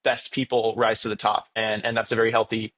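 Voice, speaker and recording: A man being interviewed at a conference, talking in a loose, animated way with many fillers and restarts. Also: on the low side, brisk. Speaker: guest. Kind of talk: conversational interview. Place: conference venue.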